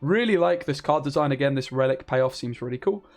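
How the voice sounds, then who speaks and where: A man's voice: medium pitch, animated, fairly quick, faint music behind. Enthusiastic man reviewing game cards. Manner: chatty and enthusiastic, with frequent fillers. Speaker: card game content creator. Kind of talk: casual card review commentary.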